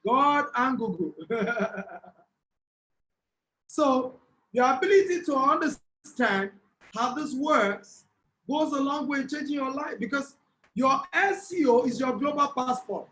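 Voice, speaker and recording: A Nigerian man giving a motivational talk at an online summit, telling a lively story and asking the audience to type replies. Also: very high voice, a little slow, low-quality recording. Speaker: speaker at an online business summit.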